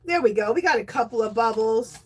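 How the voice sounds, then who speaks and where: A bubbly middle-aged woman chats through a home craft livestream, her high voice leaping up and down as she laughs and thanks viewers by name. She talks casually into a phone or computer mic. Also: animated, brisk, breathy edge. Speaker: livestream host of a knitting and crochet show.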